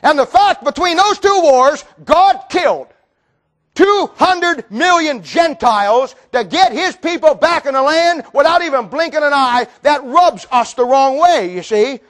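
A man preaching a sermon in a fiery, folksy way, full of rhetorical questions and sudden bursts of shouting. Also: very high-pitched, expressive, measured pace.

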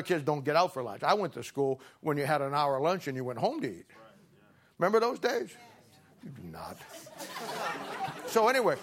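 A middle-aged man preaching a sermon, telling a homespun story with humor before turning to scripture. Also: a little high. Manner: folksy, humorous storyteller who laughs through his anecdotes.

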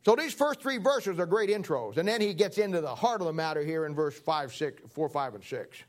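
A man's voice: a little high, animated, brisk. A man preaching a sermon in a folksy, joking way, acting out little everyday scenes. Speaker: pastor.

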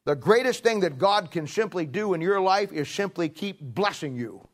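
Emphatic preacher man with a higher voice. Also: expressive, normal speed. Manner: emphatic, repetitive, swings between loud and hushed. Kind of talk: sermon.

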